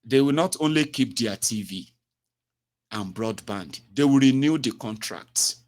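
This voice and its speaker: Male host, mid-pitched, rambling, full of "eh" and "you know". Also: animated, unhurried, darkish tone. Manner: expansive, repetitive, frequent "eh" and "you know". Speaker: show host. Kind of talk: casual talk-show monologue.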